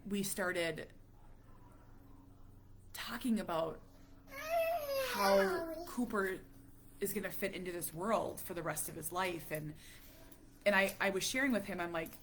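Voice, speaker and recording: A woman around forty talking to camera as a parent vlogger, halting and emotional, dropping to a near whisper at heavy moments. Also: on the low side, lively intonation, noisy background. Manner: halting, emotional, many restarts. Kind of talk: casual talk to camera.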